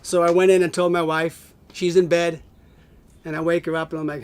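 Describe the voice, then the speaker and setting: Chatty man telling a lively story. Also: on the high side, a little fast, slight background noise. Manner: animated, acts out quoted voices, laughs often. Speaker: family friend telling stories. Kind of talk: casual storytelling to camera. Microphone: home video camera.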